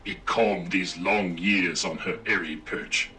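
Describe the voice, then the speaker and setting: Pompous robot Captain Ironsides. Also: male voice, fairly even intonation, slow pace, sharp tone, slight background noise, full character voice. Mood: commanding. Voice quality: booming formal naval diction. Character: pompous robot ship captain, male, old-fashioned, commanding.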